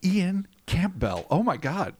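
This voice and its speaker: A man's voice: sits high, big pitch swings, slow pace, a little mellow, breathy edge. A man co-hosting a podcast, joking playfully and reading out names with mock grandeur. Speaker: podcast co-host. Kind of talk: casual podcast banter.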